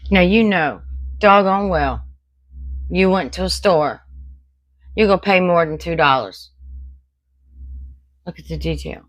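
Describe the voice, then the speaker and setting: Woman, home decor vlogger, chatty and folksy, slightly low voice, recorded at home. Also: animated, a little slow, pauses often, no room sound, rough recording. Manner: chatty, folksy, talks to viewers as y'all. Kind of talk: casual unboxing chat.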